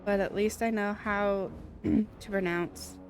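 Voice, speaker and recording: A woman's voice: mid-range voice, steady tone, slow, faint music behind. A woman with a Minnesotan accent chatting casually on a live stream, musing and self-deprecating.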